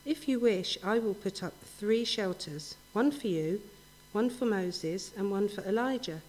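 A woman's voice: mid-range voice, a little slow, darkish tone, poor audio. Woman reading scripture aloud. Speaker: scripture reader. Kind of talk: Bible reading.

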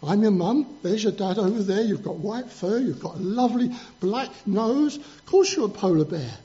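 A man's voice: high voice, animated, normal speed, mellow, muffled recording. A man voicing a patient, reassuring mother polar bear in a children's story told during a sermon.

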